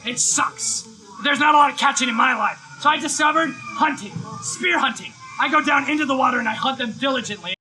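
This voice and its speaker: High bright shouting male preacher. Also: brisk, soft background music, rough recording. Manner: excitable, shouting storyteller. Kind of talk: energetic live sermon with storytelling. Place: live event, outdoors or hall.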